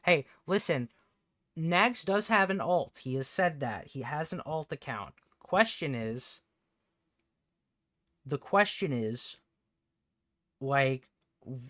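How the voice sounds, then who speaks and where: A man streaming from home, chatting casually in a rambling, halting way, swearing often. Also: mid-range voice, pushed and bright, clean tone, no room sound, studio quality. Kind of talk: casual livestream chat.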